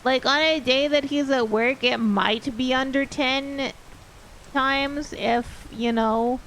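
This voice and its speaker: A woman's voice: high-pitched, steady tone, slow, a bit bright, a little hiss or hum. A woman streamer chatting casually and candidly, rambling a little and swearing offhandedly.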